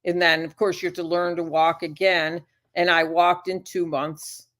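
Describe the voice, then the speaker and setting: A shy woman appears as a guest on a casual talk show. She speaks gently and haltingly, pauses often and restarts her phrases, and keeps a soft, earnest way of talking. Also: on the low side, little pitch movement.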